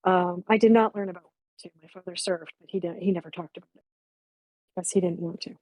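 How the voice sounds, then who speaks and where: A woman's voice: lowish voice, fairly even intonation, quick pace, a little mellow, no room sound. A woman in her sixties reminiscing candidly and reflectively, speaking frankly and swearing bluntly at times. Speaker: memorial stream guest.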